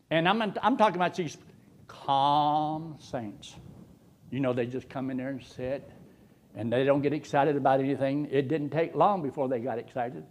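A middle-aged man preaching a sermon in an animated cadence that swoops and rises suddenly. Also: a little high.

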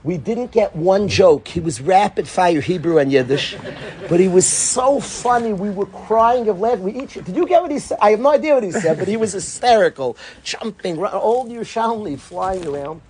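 A man, a rabbi and educator, giving an informal Torah talk as an animated storyteller who acts out dialogue. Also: sits high, normal speed.

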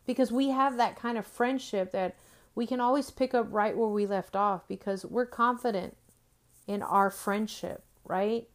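A woman's voice: mid-range voice, unhurried. A woman in her forties giving an earnest faith-based motivational talk, repeating phrases and often asking "right?". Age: 40s. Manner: earnest, repetitive, with frequent "right?" tag questions. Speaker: Christian speaker.

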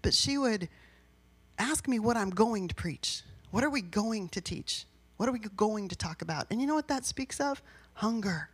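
A woman's voice: mid-range voice, animated, moderate pace, husky. A woman pastor giving a sermon in a personal, conversational way, rising into emphatic bursts.

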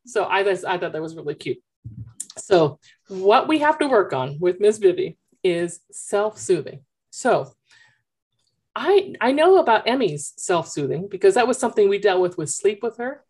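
A woman coach talking with parents in an animated, chatty storytelling way, through a headphone mic. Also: mid-range voice, moderate pace, husky. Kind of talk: consultation with parents.

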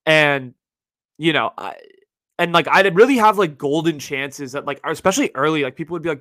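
Bright, dry-voiced young man podcasting solo. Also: fairly high pitch, fairly quick, dry recording. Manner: casual, profane, animated storytelling with slang. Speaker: podcast host.

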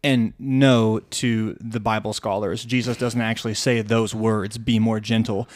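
A man's voice: fairly low pitch, level tone, a little slow, no echo, studio quality. A man co-hosting a casual faith podcast, enthusiastic and affirming, who quotes scripture. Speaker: podcast co-host.

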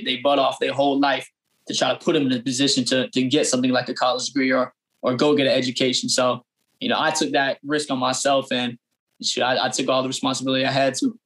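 Here a young man who works as a barber answers an interview by recounting his story, earnestly, with frequent fillers and restarts. The voice is medium-pitched and fairly bright.

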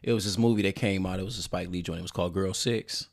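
Low-voiced laid-back man podcasting. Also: fairly even intonation, fast, vocal fry. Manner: laid-back, rambling, laughs often. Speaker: podcast co-host. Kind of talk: casual chat.

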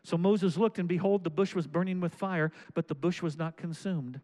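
Male pastor, high voice, reads scripture and then exhorts loudly. Sermon delivery. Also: normal speed, rough recording. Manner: preaching with rising, shouted exhortations.

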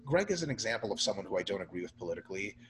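A man from Russia talks as a podcast guest, his fairly low voice swooping up and down as he makes his point. He is blunt and profane, full of "like" and "you know", and keeps up an easy conversational flow. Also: very fast, slight background noise, low-quality recording. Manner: animated, blunt and profane, with lots of filler words. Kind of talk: casual conversation.

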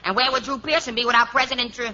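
A man doing 1940s radio comedy with a high, whiny comic voice. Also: steady tone, rapid-fire, pushed and bright. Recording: dull lo-fi old radio recording.

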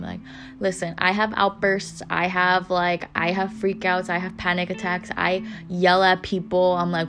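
A woman's voice: lowish voice, fairly even intonation, moderate pace. A young woman hosting a podcast, giving a candid, casual motivational talk that swears freely and repeats phrases for emphasis. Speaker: podcast host. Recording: music playing underneath.

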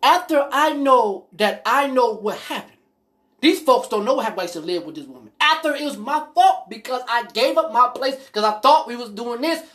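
A woman hosting a podcast, telling personal stories in a blunt, profane, animated way. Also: on the high side, moderate pace. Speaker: podcast host. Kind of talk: casual monologue storytelling.

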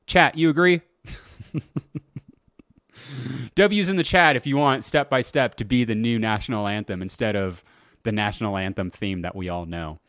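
A man's voice: on the low side, normal speed, pauses often, fairly bright tone, no echo, studio quality. A man hosting his own podcast, chatting loosely and laughing at his own stories, with lots of swearing. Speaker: podcast host. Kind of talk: casual solo podcast talk.

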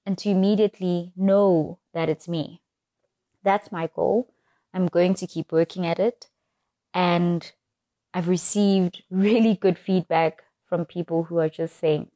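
Low-voiced woman, deliberate. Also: steady tone, warm tone, no room sound, clean studio sound. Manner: careful, deliberate enunciation. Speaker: podcast host. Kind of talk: reflective solo podcast monologue.

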